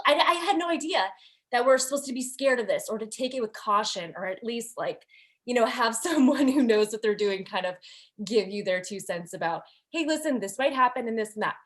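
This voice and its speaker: A young woman sharing her birth story as a podcast guest, lively and candid. Her voice sits a little higher than most, and she slips into quoted thoughts and asides as she goes.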